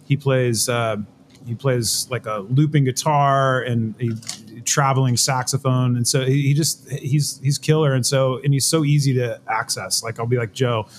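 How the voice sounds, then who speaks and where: A man chatting loosely about his band's record, relaxed and rambling, quick to laugh. His voice sits in an ordinary middle register. A faint low rumble hums under the recording. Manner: laid-back, rambling, laughs easily. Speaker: band member, producer. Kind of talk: casual interview chat.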